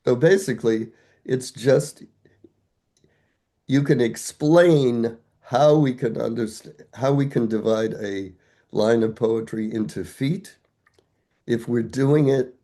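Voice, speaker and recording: Slow, mellow-voiced older man explaining. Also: mid-range voice. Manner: thoughtful, explains step by step with rhetorical questions. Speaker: guest scholar. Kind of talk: conversational academic explanation.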